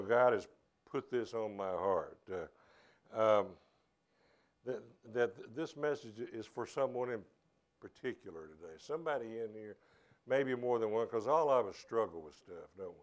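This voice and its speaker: A man preaching a sermon to his church, earnest and halting, often restarting his phrases. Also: lowish voice. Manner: earnest, halting, with many repeated starts. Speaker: pastor.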